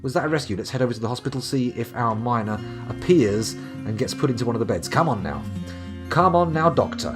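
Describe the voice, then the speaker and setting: A man's voice: medium pitch, lively intonation, a little fast, music in the background. A man from the UK streaming a game live, commenting with dry, sarcastic, jokey asides. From United Kingdom. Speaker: gaming streamer.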